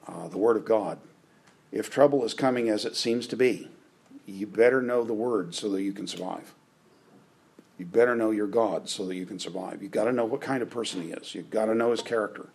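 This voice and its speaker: A man's voice: on the low side, creaky, darkish tone, slightly rough, low-quality recording. A man preaching a conversational sermon, often checking in with his listeners. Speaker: pastor.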